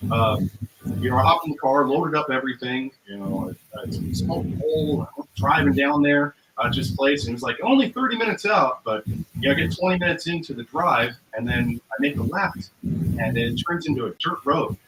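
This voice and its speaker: A man's voice: mid-range voice, animated, fairly quick, a crowd in the background. A man, a musician guest, telling a story casually in a rambling way, with many fillers and acted-out quotes. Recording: roomy, noisy recording.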